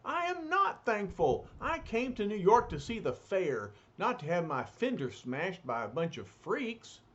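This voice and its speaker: A cranky old man sputtering indignant complaints, as a man reading a comic does him. The voice swings widely in pitch. The recording is muffled with faint hiss. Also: very animated, unhurried.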